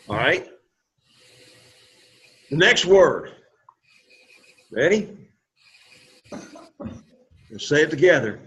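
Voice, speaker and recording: A man teaching Greek to a class, coaxing students and repeating words slowly for pronunciation. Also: fairly high pitch, animated, fairly bright tone. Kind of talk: classroom lesson.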